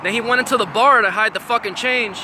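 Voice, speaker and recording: A man telling a story in a casual, profane, animated vlog, talking outdoors with faint traffic behind him. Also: high-pitched, fast talker. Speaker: vlogger.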